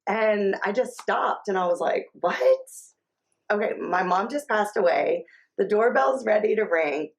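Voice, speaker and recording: Gravelly-voiced mother, halting storyteller. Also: mid-range voice, rough recording. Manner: halting, personal storytelling with pauses. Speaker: mother of a transgender child. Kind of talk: documentary interview storytelling.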